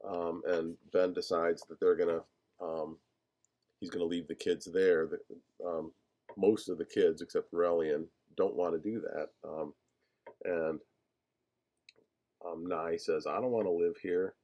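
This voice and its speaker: Man, teacher, lecture, low voice, mellow, halting, many fillers. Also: little pitch movement. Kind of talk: lecture discussing a film screenplay.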